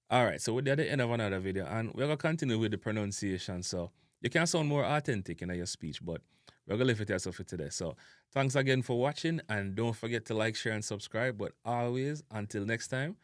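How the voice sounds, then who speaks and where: A Jamaican man teaching a language lesson, speaking slowly and deliberately, spelling out sounds and repeating example words. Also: on the low side, no room sound, clean studio sound. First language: Jamaican Patois.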